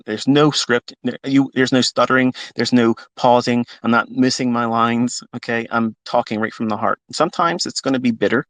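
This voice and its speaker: A fifty-year-old man with a gravelly voice, telling a personal story off the cuff in a blunt, emotional way with plenty of swearing. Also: medium pitch, fairly bright tone, no echo. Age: 50s. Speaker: trading educator on a live talk. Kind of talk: unscripted live talk.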